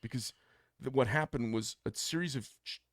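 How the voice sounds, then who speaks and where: Gravelly man, mid pitch, blunt podcast storyteller, dry close mic. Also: normal speed, no room sound. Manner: blunt, opinionated, acts out quoted dialogue. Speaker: podcast co-host. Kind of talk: casual storytelling chat.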